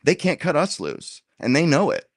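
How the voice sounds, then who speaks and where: A man in a casual political roundtable debate, talking in an animated, argumentative way and dropping slang as he makes his point. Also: fairly high pitch, normal speed, no room sound, studio quality. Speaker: roundtable guest.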